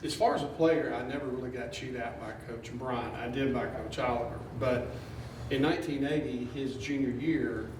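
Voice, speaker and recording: A man, a former player and assistant coach, telling an animated story on a panel and laughing as he goes. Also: medium pitch, normal speed. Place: event hall with an audience. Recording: echoey room from far off with noise.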